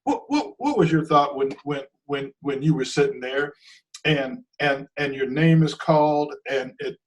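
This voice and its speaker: A man's voice: on the high side, measured pace. Stammering man asking interview questions. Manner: repeats words while building his questions. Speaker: talk show host.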